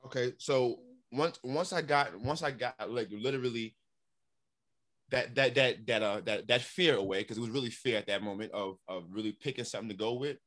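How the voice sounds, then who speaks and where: A middle-aged man from New York telling his story in a casual interview, animated and repeating words as he acts out what others said. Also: mid-range voice, normal speed, no room sound, clean studio sound. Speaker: interview guest.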